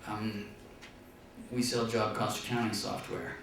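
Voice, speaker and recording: A man teaching a business class, telling stories and acting out dialogue in a high voice for the punchlines. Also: level tone, measured pace, creaky, a bit bright. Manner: storytelling, acts out dialogue in a high voice. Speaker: business lecturer. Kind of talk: classroom business talk with anecdotes. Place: classroom or lecture hall. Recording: echoey room, far from the mic, faint noise.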